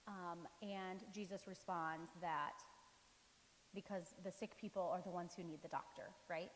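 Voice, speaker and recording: A woman's voice: fairly low pitch, steady tone, unhurried, in a large hall, a little hiss or hum, rough recording. A woman giving a casual, conversational sermon in a church, often restarting with fillers. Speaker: preacher.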